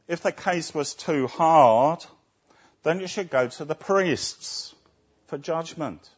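Male preacher, deliberate sermon delivery, rhetorical questions, muffled lo-fi sound. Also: on the high side. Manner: asks rhetorical tag questions. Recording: dull lo-fi recording.

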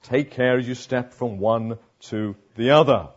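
A man's voice: mid-range voice, a little slow. A man with a sore throat preaching a sermon as pastor, asking and answering his own rhetorical questions. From London area, England. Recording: dull lo-fi sound.

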